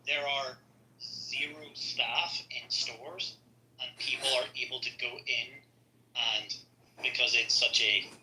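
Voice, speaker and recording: A man's voice: mid-range voice, steady tone, takes it slowly, bright, forceful tone, a little hiss or hum. Skeptical man in an echoey room. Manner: blunt, skeptical, reads passages aloud. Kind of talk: casual chat.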